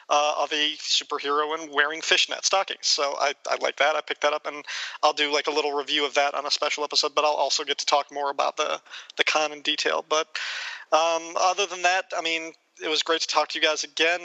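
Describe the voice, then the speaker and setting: Bright-voiced male podcast host. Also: a little high, no room sound, highs cut off. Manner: relaxed, rambling with fillers. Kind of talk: casual podcast chat.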